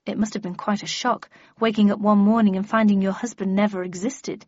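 A woman's voice: mid-range voice, level tone, fairly quick, darkish tone, dry recording. Woman narrating an audiobook, dry wry tone. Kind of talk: first-person audiobook narration. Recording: dry, slightly dull audio.

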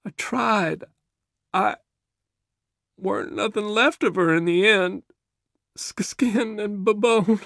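A man voicing a choked-up, rough-spoken young country man. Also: medium pitch, fairly even intonation, a little slow, no echo, clean studio sound, lightly acted. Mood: tearful rage. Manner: rural drawl, voice cracking with tears. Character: grieving, enraged young man with a gun.

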